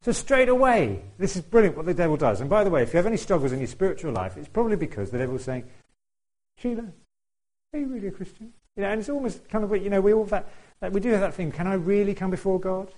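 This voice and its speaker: Mellow-voiced man preaching casually. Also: sits high, big pitch swings, very fast, few pauses, low-quality recording. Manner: chatty, asks the congregation questions, acts out quoted voices. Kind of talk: conversational sermon.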